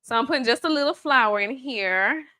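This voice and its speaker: A bright, sharp-toned woman talks viewers through a live cooking demo. Her pitch sits a little high, and she keeps it chatty and playful, tossing teasing asides at the audience between steps. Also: expressive, normal speed. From Atlanta, USA. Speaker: cooking show host, baker.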